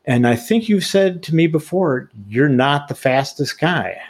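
A man's voice: a little high, lively intonation, a little slow, slightly rough. An older man hosting an interview, asking rambling, stammering questions. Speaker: podcast host, interviewer. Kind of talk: casual interview conversation.

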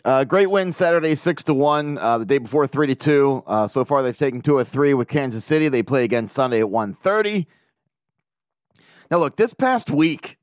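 A man hosting a casual solo sports podcast, rambling and animated, swearing freely and laughing at himself. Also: on the high side, no room sound, clean studio sound. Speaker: podcast host.

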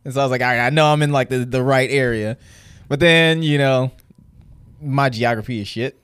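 A man's voice: mid-range voice, fairly quick, fairly bright tone, smooth, dry recording. A man co-hosting a podcast, telling a story in casual chat with lots of "like" and laughs. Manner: laughing storyteller, many fillers. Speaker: podcast co-host.

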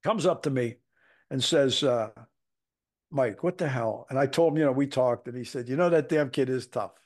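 A man's voice: medium pitch, normal speed. A man in his seventies, a football coach, telling a story on a podcast, acting out the quoted voices with salty language. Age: 70s.

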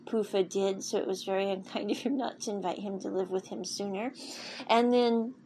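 A woman's voice: mid-range voice, steady tone, normal speed, warm tone, slight background noise. A woman casually recapping a story, rambling and digressive with many fillers and restarts. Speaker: show recapper.

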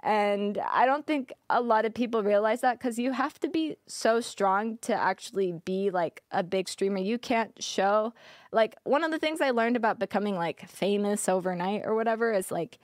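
A young woman talks as a podcast guest, her speech loose and candid, peppered with "like" and easy laughter. Her voice is mid-pitched and recorded close and dry. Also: normal speed, dry recording. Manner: casual, filler-heavy with frequent "like", laughs often. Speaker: podcast guest, former streamer. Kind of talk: candid interview chat.

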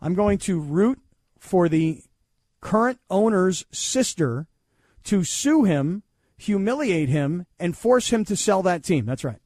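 A man's voice: sits high, animated, slow pace, darkish tone, dry recording. A man co-hosting a casual chat show from a remote spot, joking and teasing. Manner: teasing, jokey, mock-dramatic. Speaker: co-host. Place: remote, not in the studio.

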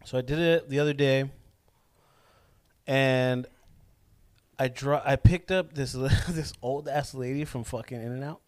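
A young man from Southern California, co-hosting a podcast and telling a story in a profane, animated way while quoting the people in it. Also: medium pitch, measured pace, long pauses, dry recording. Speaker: podcast co-host. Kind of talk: casual storytelling chat.

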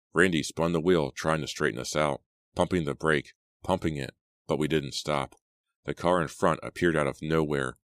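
A man with an exceptionally deep voice narrates a teen horror audiobook at a steady, measured pace. The recording is close and bone dry, with no room around it. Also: dry recording.

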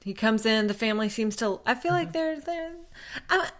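A woman co-hosting a podcast, casually recapping a reality show with wry jokes and quick asides. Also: on the high side, lively intonation, a bit bright. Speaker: podcast co-host.

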